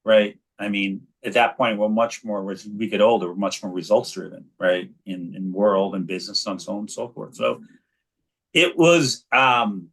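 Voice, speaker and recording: A man's voice: fairly low pitch, moderate pace, breathy edge. A man in his forties from New York, telling stories animatedly as an interview guest. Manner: animated storyteller, frequent restarts. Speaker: guest, actor and children's author. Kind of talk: casual interview chat.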